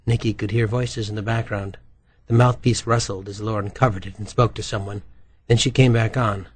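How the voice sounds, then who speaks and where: A man reading a novel aloud as narrator in an even, measured way. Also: fairly low pitch, husky, no room sound. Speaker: audiobook narrator. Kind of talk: scripted narration.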